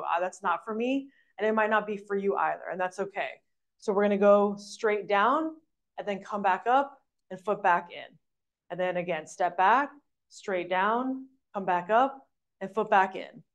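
A woman teaching an online exercise class, giving encouraging step-by-step instructions as she demonstrates, a little out of breath. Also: mid-range voice. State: slightly out of breath. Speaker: fitness instructor.

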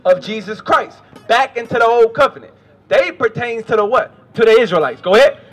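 High, sharp-voiced street preacher man. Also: animated, brisk, soft background music. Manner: quizzing and directing the reader with repeated questions. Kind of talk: street preaching with call-and-response Bible reading.

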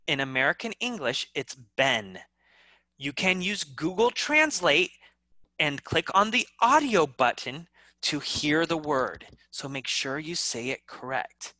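A bright, forceful-sounding English teacher talks over a video call with a very lively, swooping pitch. The delivery is unhurried and the sound is dry and close, with each point acted out expressively. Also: no room sound. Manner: animated, demonstrates expressively with pitch and loudness. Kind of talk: online class instruction.

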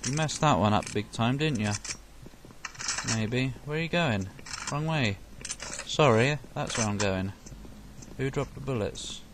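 Lively man narrating gameplay. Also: medium pitch, a little slow. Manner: sarcastic, talks to enemies, swears and yelps when hit. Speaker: gaming commentator. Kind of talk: let's play commentary. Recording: noisy game background.

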